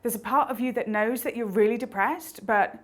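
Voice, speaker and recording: A woman explaining inner personalities in a lively, animated motivational talk. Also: fairly high pitch, normal speed. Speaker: speaker on intuition.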